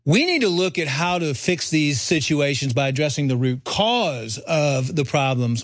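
A man talking as a guest on a radio show, earnest and lecturing, shifting between fast and slow phrasing. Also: a little high, animated, no echo, clean studio sound. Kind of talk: talk radio discussion.

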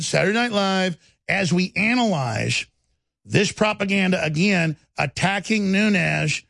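A male talk radio host rants in heated, combative commentary, often repeating himself. His voice sits high with a gravelly edge. The sound is dry and close. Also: a bit bright, no room sound. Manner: ranting, combative, repeats words.

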